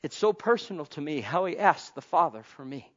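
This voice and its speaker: A man preaching a sermon, calling out to the congregation and swinging between soft pleading and loud, impassioned exclamation. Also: a little high, very animated, brisk. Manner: calls out to the congregation. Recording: dull lo-fi sound.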